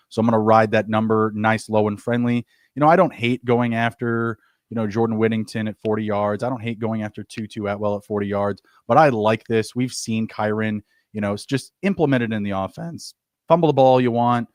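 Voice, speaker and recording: A man with a low-pitched voice gives player props on a casual sports betting show. He banters and teases his co-host, and his voice sounds dry and close to the mic. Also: no room sound. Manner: teasing, quick banter.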